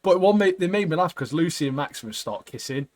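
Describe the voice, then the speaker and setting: A man, co-hosting a podcast and casually recapping a TV episode in a chatty, animated way. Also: fairly high pitch, fast. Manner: chatty and animated, often laughing, frequent "mate". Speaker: podcast co-host.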